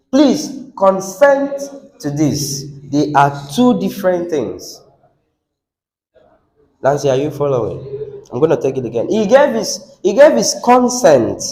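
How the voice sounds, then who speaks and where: A Nigerian man teaching an English class, quizzing students and repeating words slowly. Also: fairly high pitch, a little mellow. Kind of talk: classroom lesson. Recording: echoey classroom.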